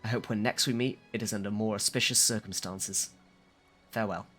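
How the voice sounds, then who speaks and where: A suave, wry young male scholar speaks in formal, old-fashioned phrases, read aloud by a man playing a game on stream. The voice sits a little low but has a bright, forceful edge. Faint game music plays underneath. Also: fairly even intonation, brisk, lightly acted. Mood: courtly. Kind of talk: reading game dialogue aloud on a live stream.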